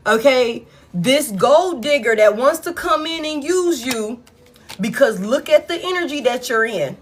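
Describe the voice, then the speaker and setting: A woman's voice: sits high, breathy edge. A woman giving a casual tarot reading, blunt and profane as she tells it. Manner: blunt, profane, animated storytelling. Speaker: tarot reader.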